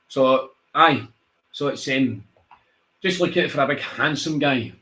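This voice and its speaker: This Scottish wrestler talks a little slowly in a medium pitch as a radio show guest. Chatting casually, he tells his stories with animation, does the voices of the people involved, and laughs often.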